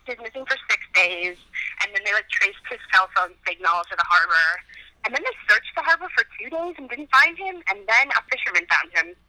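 A woman's voice: medium pitch, expressive, fairly quick, sharp tone, no room sound. A young woman, a student calling in while walking back to her dorm, talks chattily and says "like" often. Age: young adult. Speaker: caller, student. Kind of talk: phone chat. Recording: tinny phone line.

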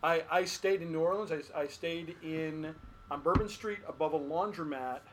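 A man's voice: a little high, normal speed, a little hiss or hum, rough recording. A man co-hosting a podcast, chatting casually and telling rambling stories full of restarts. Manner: rambling storyteller, repeats and restarts. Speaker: podcast co-host. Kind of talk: casual chat.

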